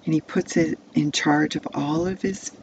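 A woman's voice: low voice, fairly even intonation, normal speed, darkish tone, slight background noise, low-quality recording. A woman telling a Bible story to children, placing the listener inside the tale as "you". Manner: second-person immersive storytelling.

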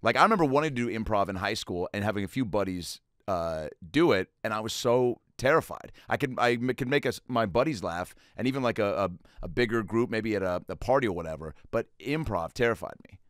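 Deep-voiced man hosting a podcast. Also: brisk, hardly any pauses, dry recording, studio quality. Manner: relaxed, asks rambling questions with fillers. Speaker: podcast host. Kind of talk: casual interview chat.

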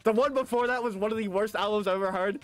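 A man's voice: sits high, quick pace. A young man streaming a game, chatting casually and ranting in rambling reactions to his chat.

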